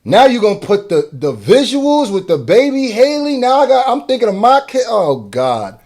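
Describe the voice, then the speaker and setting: A man's voice: huge pitch swings, moderate pace. Emotional man gushing through a reaction. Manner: emotional, gushing, swings from low murmurs to loud laughing outbursts. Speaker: music video reactor. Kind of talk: casual reaction commentary.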